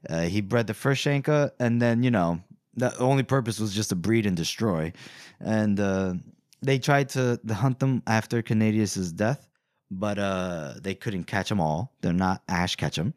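A man's voice: fairly low pitch, unhurried, darkish tone, no echo, clean studio sound. A young adult man co-hosting a podcast, casually recapping a book and laughing often. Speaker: podcast co-host.

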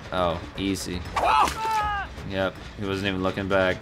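A man giving live commentary on his own gameplay, excitable and talking to himself as he plays. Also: sits low, a little slow. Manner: excitable, talks to himself while playing. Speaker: gaming streamer. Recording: game music loud behind.

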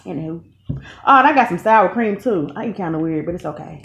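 A woman's voice: fairly low pitch, expressive, fast, fairly bright tone. A woman in her thirties hosting a casual eating video, chatting in a folksy way and talking straight to her viewers. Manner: chatty, folksy, keeps calling viewers "y'all". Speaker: channel host, mother. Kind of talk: casual mukbang chat to viewers. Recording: echoey room, dull lo-fi sound.

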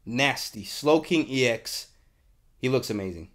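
A young man hosting a card unboxing, chatting casually with lots of swearing and bursts of excitement, congested and sniffly. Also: mid-range voice, moderate pace. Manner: profane, excitable, rambling. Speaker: card unboxing channel host.

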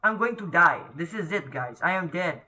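A man doing horror let's-play commentary, jumpy, yelling and pleading at the ghost on screen. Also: sits high, expressive, moderate pace. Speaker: gaming YouTuber.

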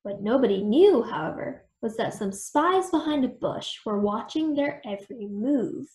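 A woman reading a children's book aloud in an expressive, animated way, recorded in a roomy space. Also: on the high side, moderate pace. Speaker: storytime reader. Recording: roomy echo.

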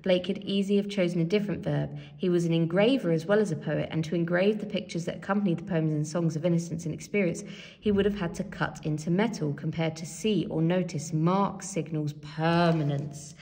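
A woman's voice: lowish voice, steady tone, fast, warm tone. A woman teacher giving a revision tutorial, thinking aloud as she writes and reads from a help sheet, with many fillers. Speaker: English teacher. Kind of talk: revision tutorial while writing.

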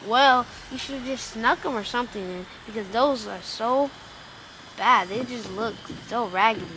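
A woman's voice: a little high, moderate pace, fairly bright tone, slight background noise. A young woman acting as a mean, mocking girl bully in a playground skit, taunting and whiny. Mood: sneering. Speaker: actor in a family skit. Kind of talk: improvised home video skit. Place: outdoor playground.

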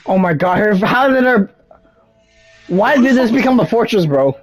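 Husky, excitable young woman gamer. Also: medium pitch, normal speed, soft background music. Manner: excitable, giggly, says bro a lot. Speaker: co-op game partner. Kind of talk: casual gaming chat.

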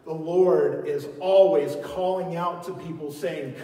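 A man preaching a sermon as pastor, swinging from loud calls to quiet teaching and leading his congregation in call-and-response. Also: on the high side, fairly even intonation, measured pace, few pauses. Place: large church hall. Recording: echoey hall, voice from far off.

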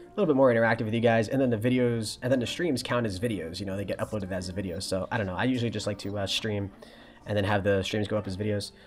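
This young adult man has a fairly low voice and races through his words. A college student streaming a shooter game, he chats casually and reads and answers his viewers' messages in a relaxed way.

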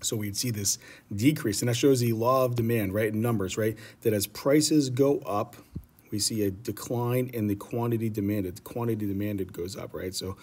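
A man's voice: fairly low pitch, normal speed, darkish tone, slightly rough. A man teaching an economics lesson in a casual, rambling way, often checking in with "right?". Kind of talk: economics lecture.

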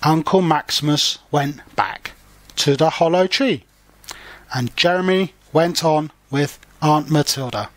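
Man reading a storybook to learners: slow, patient, plain explanations, slightly high voice. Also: fairly bright tone, no room sound. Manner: slow, simple explanations for children. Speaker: storybook reader and language teacher. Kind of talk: reading a picture book aloud with explanations for learners.

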